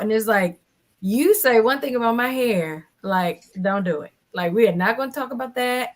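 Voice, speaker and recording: A guest in her forties on a casual panel chat tells her personal story in a slightly high voice at normal speed, animated and acting out the words of others.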